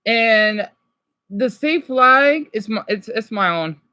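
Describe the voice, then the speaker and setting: Bright high-voiced woman streamer. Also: animated, slow pace, dry recording. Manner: chatty, answers viewers' comments aloud. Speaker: livestreamer. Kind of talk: casual livestream chat, reacting to a video.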